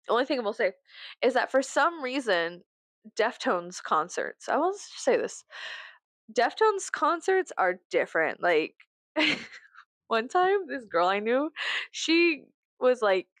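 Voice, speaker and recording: A young adult woman vlogging in a casual, profane storytelling rant, acting out the people she quotes. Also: no room sound. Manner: profane, animated, quick asides; acts out quoted people with big pitch jumps.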